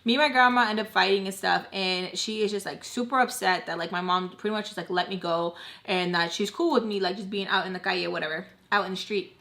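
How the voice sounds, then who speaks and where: A woman's voice: medium pitch, fast talker, pushed and bright. A young woman chatting through a storytime vlog. She talks casually, fills her sentences with "like", and acts out what everyone said along the way. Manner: chatty, heavy on "like", acts out quoted voices. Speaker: storytime vlogger.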